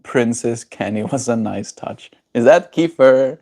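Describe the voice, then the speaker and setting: A man's voice: mid-range voice, a little slow, few pauses, darkish tone, a little hiss or hum. A man with a South African accent chatting casually on a livestream, rambling, chuckling often and reacting to viewers' comments. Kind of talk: casual live-stream chat.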